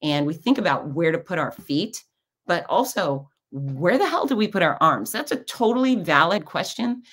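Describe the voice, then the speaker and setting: A woman's voice: fairly low pitch, normal speed. A middle-aged woman hosting her own podcast, telling stories in a chatty, casual way and acting out what people said. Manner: chatty storytelling with lively quoted asides. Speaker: podcast host. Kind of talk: casual monologue.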